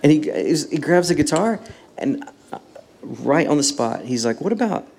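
A man's voice: fairly high pitch, normal speed, gravelly. A man, a songwriter and guest, telling stories in a casual interview and acting out the dialogue. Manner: animated storyteller acting out dialogue.

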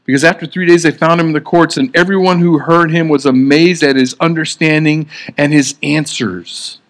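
Man, preacher, sermon, slightly high voice, earnest, conversational, restarts sentences. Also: steady tone, normal speed.

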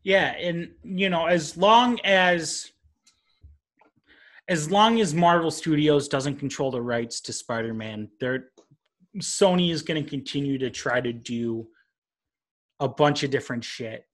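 A man's voice: a little high, unhurried. A man hosting a casual podcast, talking loosely with lots of fillers. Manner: loose, rambling, filler-heavy. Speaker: podcast host. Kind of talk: casual chat.

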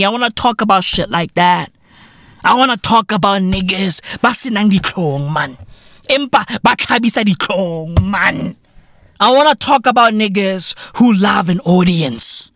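A South African man hosting a podcast, ranting comically with profanity, repeating himself in loud disbelief. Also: very high-pitched, big pitch swings, measured pace, no echo, studio quality. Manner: loud, incredulous, repeats himself, swears constantly. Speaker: podcast host. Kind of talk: profane comedic rant.

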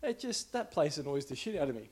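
Australian man, casual rant, profane, rambling, exasperated, slightly high voice. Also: very animated, fast, breathy edge. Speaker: podcaster.

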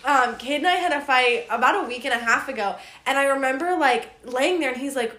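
A young woman in her twenties chats on a podcast in a slightly high voice, laughing often and acting out little quotes. She gets loud when she's excited. The room around her is echoey. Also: brisk, hardly any pauses. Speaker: podcast co-host. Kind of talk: casual chat.

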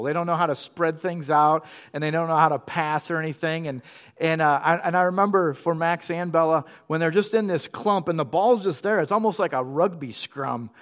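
Conversational preaching man, fairly high voice. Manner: conversational preaching with quick storytelling asides. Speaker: pastor. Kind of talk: sermon.

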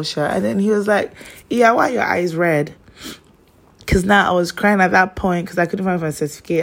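A woman's voice: lowish voice, gravelly, slightly rough. A young woman, chatting casually and telling personal stories, rambling with lots of fillers. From Nigeria.

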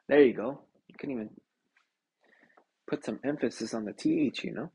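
A man's voice: medium pitch, moderate pace, long pauses. A young man hosting a podcast, ranting casually with lots of swearing and "dude," sick and short of breath. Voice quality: husky. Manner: profane, animated, says "dude" constantly. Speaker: podcast host.

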